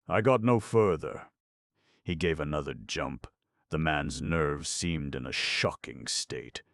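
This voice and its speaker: A man narrating an audiobook in a measured, even storytelling manner. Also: rumbling low, vocal fry, no echo, clean studio sound.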